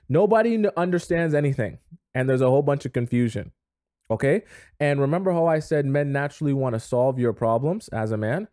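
Male advice vlogger, mellow and dry, emphatic and chatty. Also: a little high, fairly quick, no room sound. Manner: emphatic, conversational, acts out scenes. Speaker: dating advice host. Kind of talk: direct-to-camera advice talk.

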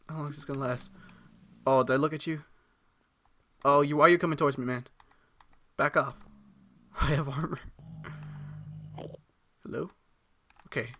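A man giving live, excitable gameplay commentary, talking to himself, swearing and reacting loudly as he plays. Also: a little high, moderate pace, long pauses, dry recording.

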